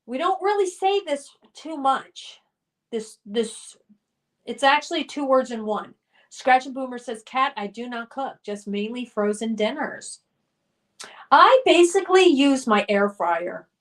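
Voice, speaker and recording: High-voiced woman hosting a live stream, slow-paced. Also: animated. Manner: reads viewer comments aloud, chatty and upbeat. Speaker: livestream host. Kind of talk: casual chat reading live comments.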